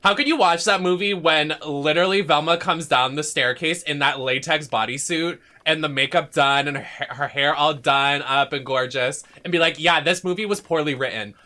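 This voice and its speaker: A young man chats casually while streaming a game, his voice piercingly bright and a little high. He rants dramatically and swears freely, jumping from loud outbursts to low grumbling. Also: moderate pace, few pauses. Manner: dramatic, swears a lot, swings from shouting to muttering. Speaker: streamer playing a video game. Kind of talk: casual rant while gaming.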